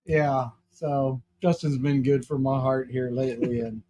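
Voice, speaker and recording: A podcast host with a middle-pitched voice. He talks in loose, halting phrases, and faint noise sits behind him. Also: fairly even intonation, mellow. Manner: halting, many fillers. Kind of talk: casual chat.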